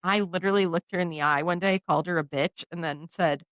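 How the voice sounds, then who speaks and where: A woman's voice: on the low side, fast talker, dry recording. A woman, co-hosting a podcast in casual chat and acting out the voices in her stories. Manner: animated storyteller, acts out quoted voices. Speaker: podcast co-host.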